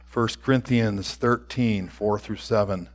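A man preaching a sermon, reading scripture aloud with slow, deliberate phrasing that trails off softly at the ends. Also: fairly low pitch, fairly even intonation.

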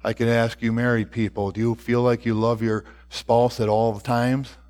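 A man preaching a sermon, reading scripture aloud with slow, deliberate phrasing that trails off softly at the ends. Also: mid-range voice, flat delivery.

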